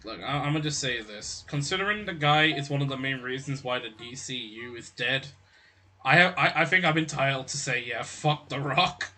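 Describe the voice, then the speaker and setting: Bright-voiced, joking, foul-mouthed guy. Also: mid-range voice. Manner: quick, joking, swears a lot. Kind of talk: casual chat.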